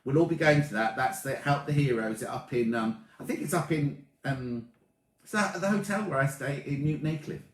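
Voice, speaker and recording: A man in his late thirties hosting a casual sewing livestream, chatting excitably and greeting viewers by name as he reads their comments. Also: medium pitch, normal speed. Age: 30s. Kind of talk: casual live-stream chat reading comments. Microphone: tablet or camera mic. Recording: echoey room.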